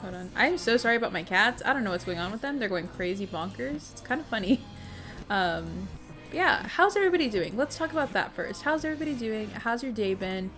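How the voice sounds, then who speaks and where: This young livestream host speaks fairly quickly in a high-leaning, slightly bright voice full of lively intonation. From her home setup, with music faintly in the background, she chats bubbly and casually, greets viewers by name and swears every so often.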